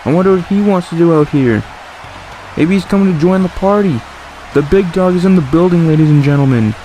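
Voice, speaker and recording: A man with a high voice calls the wrestling action in play-by-play fashion, breaking into exclamations as the fight unfolds. A faint hiss of noise sits under his voice. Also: a little fast. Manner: excited, exclamatory ringside calling. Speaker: commentator for a wrestling video game series. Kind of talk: play-by-play commentary.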